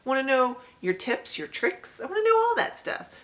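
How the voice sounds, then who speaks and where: A woman's voice: high voice, big pitch swings, fairly quick, fairly bright tone. A woman in her forties hosting her own channel, telling her story to camera in a chatty way, often laughing and speaking straight to her viewers.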